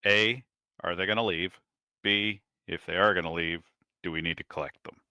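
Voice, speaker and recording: A man's voice: sits low, steady tone, normal speed, pushed and bright, smooth, no echo, clean studio sound. A man explaining his character's plans as a player in a tabletop game, matter-of-fact.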